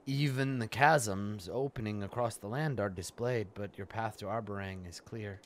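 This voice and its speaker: A man reading the lines of a solemn female mage in a quiet, measured, grave way. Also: fairly low pitch, a little hiss or hum, lightly acted.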